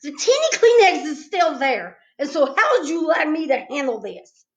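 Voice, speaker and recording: A woman's voice: sits high, very animated, normal speed, pitched above the performer's own voice. A woman doing a bubbly, pushy little schoolgirl. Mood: chirpy. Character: chatty bossy little schoolgirl. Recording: slightly dull lo-fi recording.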